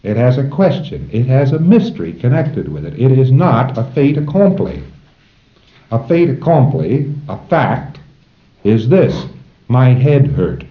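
A man's voice: medium pitch, very animated, a little slow. A man lecturing a class of trainees in a folksy way, chuckling now and then and acting out short exchanges between tutor and student. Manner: folksy, chuckling, acts out dialogues. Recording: roomy, dull old lecture tape.

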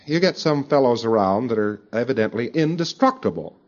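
A man giving a conversational recorded lecture, often turning to his listeners with quick asides. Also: mid-range voice, expressive, highs cut off. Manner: conversational, with frequent asides to the audience.

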